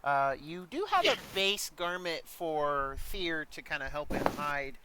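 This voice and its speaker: A man's voice: a little high, expressive, measured pace, background noise. Rambling man running a tabletop game. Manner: loose, rambling narration with many fillers. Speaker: dungeon master.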